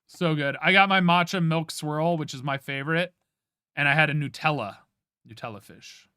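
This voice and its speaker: A man's voice: on the high side, normal speed, pushed and bright, smooth, dry recording, clean studio sound. A man from Ohio chatting casually with his stream viewers, giving playfully dramatic opinions.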